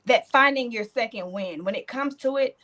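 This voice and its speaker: A woman hosting a podcast, telling stories in an animated way with churchy affirmations. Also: on the high side, moderate pace. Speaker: podcast host. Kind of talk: casual podcast chat.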